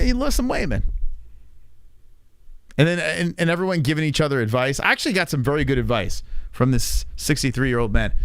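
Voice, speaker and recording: Animated, joking livestream host man. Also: medium pitch, smooth, no echo. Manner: rambling, crude, joking, reads out chat. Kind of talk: casual livestream chat.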